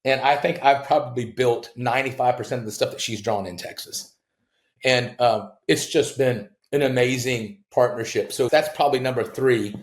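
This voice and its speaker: Animated male builder telling stories, roomy sound. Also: moderate pace. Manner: animated storyteller who acts out quoted people with big jumps in pitch. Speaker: home builder, podcast guest. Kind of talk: casual storytelling in a podcast interview.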